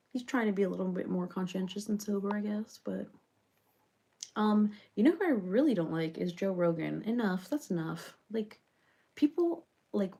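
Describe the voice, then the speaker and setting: A woman's voice: on the low side, gravelly, warm tone, a little hiss or hum. A woman playing a rambling reality-show personality in a comedic parody monologue, chattering on with loads of fillers.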